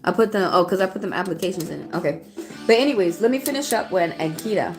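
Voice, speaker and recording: A woman with a Southern US accent and a fairly low voice gives a live-stream tarot reading. She is chatty and outspoken, and she talks straight to her viewers in the chat. Soft music plays faintly behind her. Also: animated, fast. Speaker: tarot reader. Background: faint background music.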